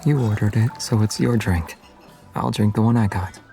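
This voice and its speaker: An actor playing a calm, gentle young male hunter who speaks softly and breathily, with quiet concern. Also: lowish voice, moderate pace, music in the background. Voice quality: soft, breathy.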